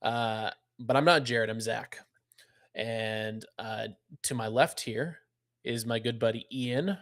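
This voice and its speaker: A man co-hosts a casual live stream. He banters playfully with his partner, with a middling pitch. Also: takes it slowly, a bit bright. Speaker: co-host.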